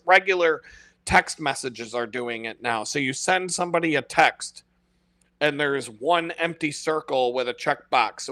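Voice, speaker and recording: Male streamer, foul-mouthed exasperated rant, bright tense voice, dry close sound, self-mocking. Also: fairly high pitch, no echo. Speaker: live-stream host. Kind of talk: unscripted ranting monologue.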